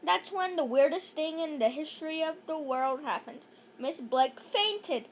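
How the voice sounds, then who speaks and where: Slow, high-voiced woman reading a kids' book. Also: animated, a little hiss or hum. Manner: playful, adds jokey asides. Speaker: narrator. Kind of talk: reading a children's chapter book aloud.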